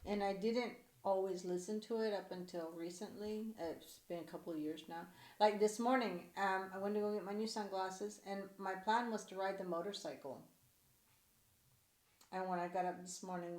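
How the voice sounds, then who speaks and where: A woman co-hosts a podcast in loose, casual chat. She talks bluntly, swears freely and trips over restarts and fillers, at a middling pitch. Her voice carries the echo of the room. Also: steady tone, moderate pace, a little mellow. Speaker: podcast co-host. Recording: echoey room.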